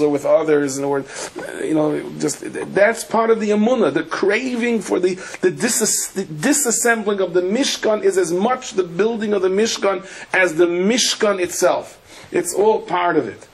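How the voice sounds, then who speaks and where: A man giving a Torah lecture as a rabbi, telling stories with lively acted-out voices and sprinkling Yiddish and Hebrew terms. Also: high-pitched, slightly rough. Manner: animated storyteller acting out characters, with Yiddish and Hebrew terms.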